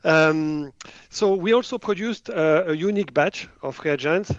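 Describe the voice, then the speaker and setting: Man, French accent, interview guest, hesitant with fillers, fairly high voice, dry close sound. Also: measured pace, no room sound, dull audio. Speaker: biotech company CEO, guest. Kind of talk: podcast interview answer.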